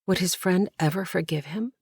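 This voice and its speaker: Low-voiced woman narrating an audiobook. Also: moderate pace, a little mellow, breathy edge, dry recording, clean studio sound. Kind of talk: scripted narration.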